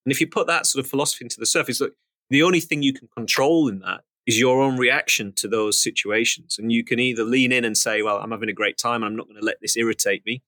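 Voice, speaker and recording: A man's voice: mid-range voice, steady tone, fast talker, pushed and bright, no echo. A man co-hosting a podcast, talking reflectively and philosophically in a rambling way, with many restarts. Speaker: podcast co-host. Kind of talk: reflective conversational chat.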